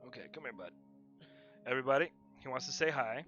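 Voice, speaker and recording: A man's voice: medium pitch, fast talker, bright, forceful tone, lo-fi sound, faint music behind. A man chatting casually and rambling while drawing on a livestream, laughing often. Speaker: livestreaming digital artist.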